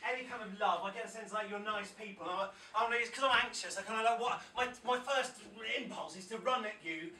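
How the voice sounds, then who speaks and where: A man's voice: sits high, fast, few pauses, pushed and bright, distant mic, slight background noise. A man in his thirties from South-West England, performing an anxious, rambling, self-interrupting poetry set in a pub, often laughing at himself. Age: 30s. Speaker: poet performing a live set. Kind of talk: rambling stand-up poetry patter. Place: pub stage before a live audience. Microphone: stage microphone, often off-mic. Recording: echoey pub room from afar, crowd.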